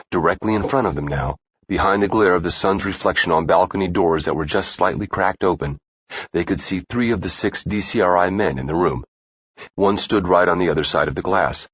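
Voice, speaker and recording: A man narrating a thriller audiobook in a steady, even-paced reading. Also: deep voice, husky, no echo. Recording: dull dry lo-fi recording.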